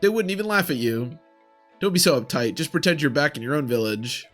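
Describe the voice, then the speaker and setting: A man's voice: fairly high pitch, lively intonation, very slow, bright, forceful tone, faint music behind, full character voice. A man voicing a friendly, folksy older soldier who talks in a cheery, encouraging way. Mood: cheerful.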